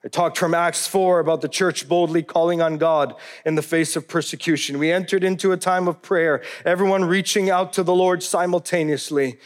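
A man reads his own story aloud in the first person, earnest and heartfelt. His voice sits a little high for a man. He tells it steadily, as a memoir reading. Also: steady tone, moderate pace, few pauses. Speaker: narrator.

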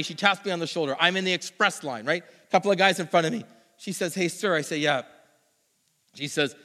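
A high, quick-talking man preaches, his voice bright and lively. He tells stories with animated mimicry as a long hall reverb trails each phrase. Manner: animated storytelling, mimics others. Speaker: pastor. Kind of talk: sermon with personal story.

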